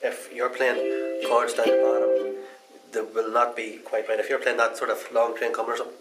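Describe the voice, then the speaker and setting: A man's voice: medium pitch, monotone, normal speed, poor audio. A man chatting his way through a casual hands-on guitar repair demonstration in a folksy, rambling manner.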